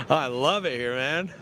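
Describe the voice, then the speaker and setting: A young man does laid-back play-by-play for an outdoor youth football game in a mid-range voice, over a noisy background. His calls are jokey and full of slang, and he keeps poking fun at himself.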